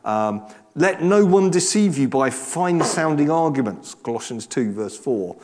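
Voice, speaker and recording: A man's voice: fairly high pitch, animated, unhurried, noisy background. A man preaching a conversational sermon, chatty and self-deprecating with frequent restarts and asides.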